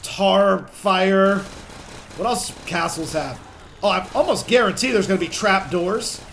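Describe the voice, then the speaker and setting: Commenting on his own gameplay at a measured pace, a young channel host sounds high and creaky, chatty and excitable, and curses when the action gets tense. A little hiss or hum sits under the roughly captured voice.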